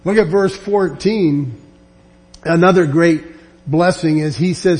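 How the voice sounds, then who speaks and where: Male Bible teacher, fairly high voice, warm tone, earnest, restarts a lot. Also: a little slow. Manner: earnest, emphatic, with frequent restarts. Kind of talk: verse-by-verse Bible lesson.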